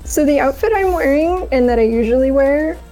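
A woman's voice: high-pitched, animated, brisk, dark tone, faint music behind, low-quality recording. A woman playing in a tabletop game, casual, playful and scheming. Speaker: player.

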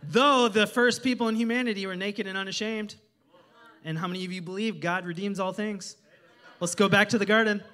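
A man preaching a sermon as a guest pastor, energetic and humorous, joking with the congregation. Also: high-pitched, brisk. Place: church service in a hotel venue.

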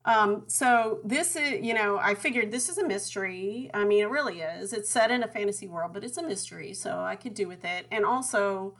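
A middle-aged woman co-hosting a casual chat, telling stories in a chatty, animated way and laughing often. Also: mid-range voice, fairly quick, few pauses. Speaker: podcast co-host.

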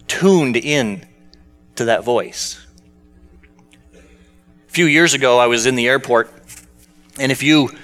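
Male pastor, sermon, conversational storytelling, bright forceful voice, chatty questions to the pews. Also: mid-range voice. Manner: conversational, asks the congregation questions.

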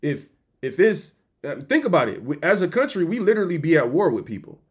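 A man hosting a podcast, telling stories in an animated, joking, slangy way. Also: a little high, brisk, slightly rough. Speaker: podcast host. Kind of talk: comedic motivational storytelling.

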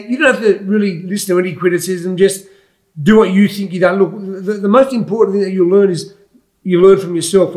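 A man's voice: sits high, a little mellow. An Australian man in his sixties, a former boxer, chatting bluntly in an interview and calling everyone "mate" as he rambles. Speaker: former boxer, guest pundit. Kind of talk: casual interview chat.

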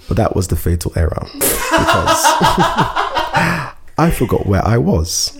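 A man's voice: mid-range voice, moderate pace, slight background noise. A man chatting casually, telling a funny story and acting out what people said. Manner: animated, laughing storyteller who acts out quotes.

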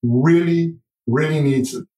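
A middle-aged man with a slightly high voice, telling his story with lively acted-out dialogue. He is recorded in an echoey room. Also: a little slow, soft background music. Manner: animated storyteller, acts out dialogue. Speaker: guest author and surfer. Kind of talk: storytelling in a podcast interview.

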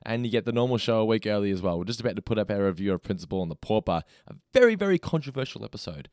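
A man co-hosting a casual podcast, chatty and brisk. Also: lowish voice, animated, a little mellow, dry recording, clean studio sound. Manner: brisk, chatty, laughs often. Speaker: podcast co-host.

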